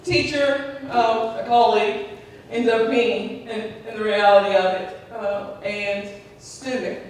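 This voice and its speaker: At a memorial tribute in a large community hall, a woman with a medium-pitched, steady voice speaks slowly, sharing personal stories, acting out the voices she quotes, and laughing often. She's recorded from far away, with heavy echo and a faint hum underneath.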